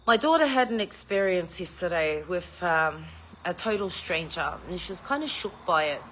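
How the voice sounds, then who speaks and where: A woman's voice: fairly low pitch, lively intonation, moderate pace, fairly bright tone, slight background noise. A middle-aged woman, chatting casually with viewers, telling a story and swearing freely. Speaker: vlogger chatting live with viewers. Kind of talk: casual chat.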